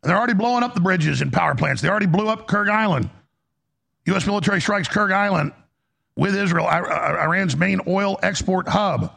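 A man's voice: sits high, a little fast, vocal fry, fairly bright tone. A man hosting a political commentary show, heated and emphatic, often restarting his sentences.

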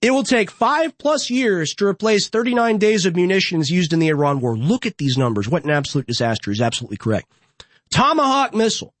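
A man's voice: sits high, big pitch swings, fast talker, a bit bright, dry recording. A young man hosting a political show from a studio, delivering an impassioned, ranting monologue full of repeated rhetorical build-ups. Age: young adult. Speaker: political podcast host.

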